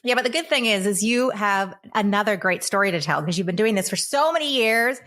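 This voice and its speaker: A young woman co-hosting a podcast in casual chat, upbeat, laughing often and cutting in with quick reactions. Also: mid-range voice, lively intonation, fairly bright tone. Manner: laughs a lot, upbeat interjections. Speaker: podcast co-host.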